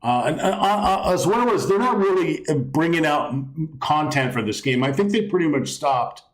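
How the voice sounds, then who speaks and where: A man's voice: medium pitch, reverberant, poor audio. A man streaming a video game live, rambling casually, swearing now and then and reading on-screen text aloud. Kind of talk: casual live gameplay commentary.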